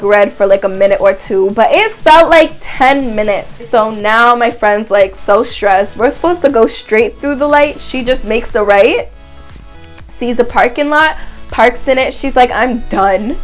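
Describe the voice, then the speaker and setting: Brief: young woman, 18, chatty and dramatic storyteller, slightly high voice. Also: expressive, moderate pace, faint music behind. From Canada. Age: young adult, 18. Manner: chatty, dramatic retelling with frequent "like". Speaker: vlogger. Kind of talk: casual storytime.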